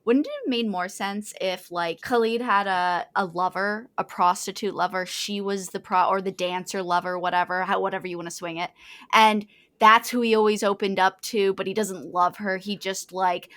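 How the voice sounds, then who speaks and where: A woman's voice: medium pitch, steady tone, normal speed, fairly bright tone. A woman co-hosting a book podcast, musing aloud about how a plot could have gone. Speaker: podcast co-host. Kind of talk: casual book discussion.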